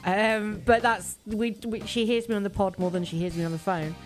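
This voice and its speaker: A middle-aged British woman telling a story on a podcast with lively, animated delivery, acting out other people's voices. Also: medium pitch, moderate pace, faint music behind. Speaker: podcast host. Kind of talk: casual chat.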